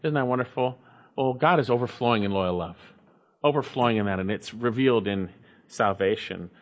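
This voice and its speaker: A man's voice: medium pitch, a little fast. A man preaching a sermon, reading scripture aloud and repeating key phrases for emphasis.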